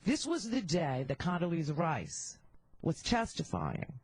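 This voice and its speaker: A woman's voice: fairly low pitch, wildly swooping pitch, a little slow, a little mellow, slightly rough, poor audio. A middle-aged woman hosting a talk radio show, riffing in a candid, rambling way with joking asides into a handheld studio mic. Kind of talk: casual radio monologue.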